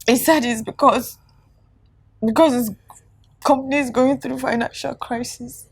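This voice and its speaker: An actress with a Nigerian accent playing a frightened young wife who is crying and talks brokenly. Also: female voice, high voice, steady tone, measured pace, vocal fry, husky, full character voice. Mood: distraught.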